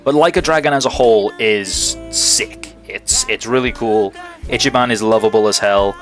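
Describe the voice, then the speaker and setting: A man's voice: fairly low pitch, moderate pace, a bit bright, faint music behind. A young man streaming live, chatting casually with viewers in a rambling, enthusiastic way and swearing freely. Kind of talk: casual livestream chat answering viewers.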